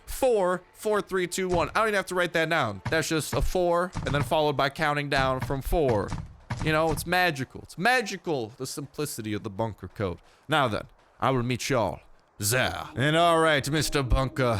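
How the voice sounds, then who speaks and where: A man's voice: on the high side, fairly bright tone. A young man in his twenties, sick, giving chatty, slangy, joking commentary over his gameplay. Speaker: gaming YouTuber.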